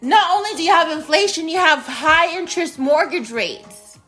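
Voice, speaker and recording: Bright-voiced chatty woman podcaster. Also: extremely high pitch, moderate pace, soft background music. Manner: chatty, repeats phrases, talks straight to listeners as "you guys". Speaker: podcast host. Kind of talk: casual solo podcast monologue. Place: spare bedroom at home.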